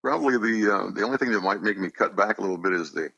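Gravelly, husky older man telling wry stories. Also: on the low side, fast, no room sound, muffled recording. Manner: relaxed, wry storyteller. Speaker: voice actor, guest. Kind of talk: casual interview chat.

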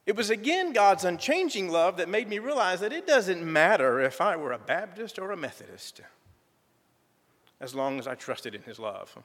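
A middle-aged man with a drawl gives a church testimony in a folksy, gently humorous way. His voice rides a bit high and moves through a wide, animated pitch range. The long reverb of a church sanctuary trails behind his words. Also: normal speed. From southern United States. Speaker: church member giving a testimony.

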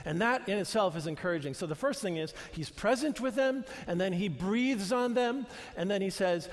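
A man's voice: high voice, big pitch swings, a little fast, few pauses. An older man preaching a sermon in an earnest, conversational way, restarting phrases as he goes. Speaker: pastor. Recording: long reverb of a large hall.

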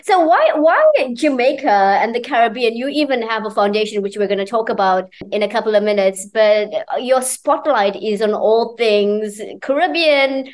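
A woman's voice: fairly high pitch, normal speed, hardly any pauses. A woman interviewing a guest in a friendly, upbeat way. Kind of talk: casual interview.

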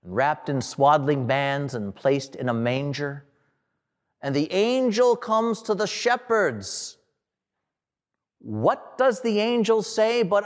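Slow, lively-voiced man preaching in a hall. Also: fairly high pitch. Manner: slow, dramatic preaching with long pauses and falling endings. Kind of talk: sermon. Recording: long hall reverb.

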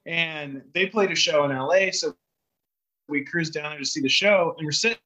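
Bright-voiced, swearing casual storyteller man. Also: on the high side, normal speed, husky, rough recording. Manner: profane, rambling storyteller. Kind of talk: casual chat.

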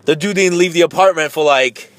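A man's voice: a little high, fairly quick, a bit bright, low-quality recording. A man, a marathon runner, tells a story in a casual, rambling way, with many fillers and some swearing.

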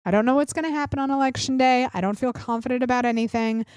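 A woman in her thirties hosts a political podcast, talking quickly in a high-pitched, darkish voice. The studio-quality recording is clean with no room sound. Her opinionated rant is blunt and sarcastic, with frequent swearing.

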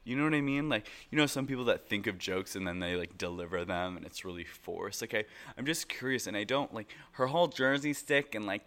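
A man hosting a casual reality TV recap, excitable and gushing, talking loosely with lots of "like" fillers. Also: fairly low pitch, brisk, hardly any pauses.

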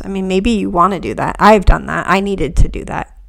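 Soft-spoken woman with a gravelly edge. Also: mid-range voice. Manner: soft, unhurried, often drops to near whispers. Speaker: podcast host. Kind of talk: reflective spiritual podcast monologue.

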